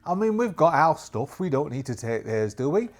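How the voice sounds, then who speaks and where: Ein Mann spielt einen vorsichtigen jungen Piraten. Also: male voice, on the high side, sing-song, normal speed. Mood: cautious. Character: young male pirate crewman, cautious.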